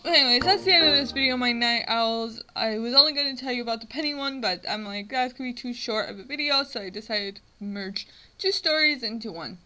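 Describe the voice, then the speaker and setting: A twenty-something American woman vlogs to camera, rambling through a funny personal story and poking fun at herself with constant "like" fillers. Her voice sits on the high side, bright and pushed, and she talks a little fast with few pauses. The recording is rough, with faint music in the background.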